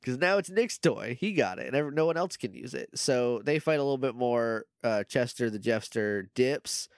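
A man's voice: medium pitch, animated, normal speed, no echo, clean studio sound. A man co-hosting a podcast, chatting casually as he recaps an episode, acting out characters' lines and laughing often. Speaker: podcast co-host.

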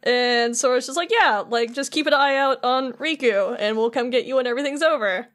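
A woman's voice: high-pitched, a little fast, fairly bright tone. A woman co-hosting a casual podcast, retelling a game's story scene by scene and quoting the characters in her own voice. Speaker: podcast co-host.

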